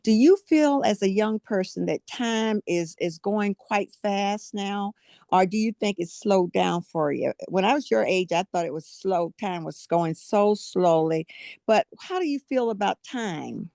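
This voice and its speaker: An older woman from South Carolina asks her questions in an unhurried, encouraging way and laughs easily between them. Her voice sits at a middle pitch and sounds close and dry, with no room around it. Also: lively intonation, gravelly, darkish tone, dry recording. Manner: slow, drawn-out and encouraging, laughs often. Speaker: podcast co-host. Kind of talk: warm casual interview chat.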